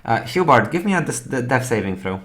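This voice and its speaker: A man narrating as dungeon master for a tabletop game, halting and full of fillers. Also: medium pitch, very animated.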